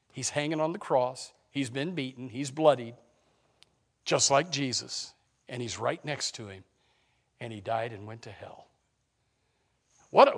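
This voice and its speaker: A man preaching a sermon as pastor, swinging between loud declarations and hushed, low lines, asking his congregation rhetorical questions. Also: creaky.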